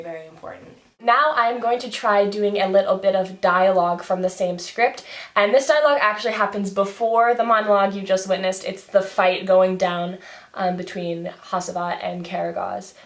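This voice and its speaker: A woman's voice: medium pitch, a bit bright. Chatty young woman, roomy room. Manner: chatty, many fillers, thinking aloud. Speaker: student. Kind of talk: casual explanatory video.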